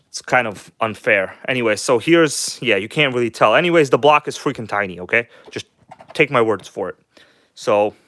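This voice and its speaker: A man's voice: medium pitch, fairly bright tone. A man hosting a casual live stream, rambling and chatty, talking bluntly and enthusiastically to his viewers.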